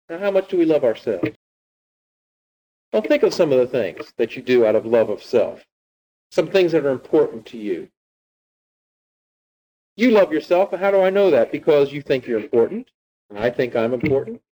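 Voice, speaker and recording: A man's voice: on the high side, a little mellow, poor audio. A man preaching as a pastor, retelling a scripture story and teaching with frequent rhetorical questions. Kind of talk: sermon.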